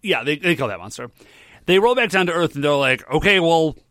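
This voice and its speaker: Bright, lively man chatting casually. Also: on the high side, fairly quick, no echo. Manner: agreeable, chiming in, acts out quotes. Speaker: podcast co-host. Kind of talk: casual chat recapping a show.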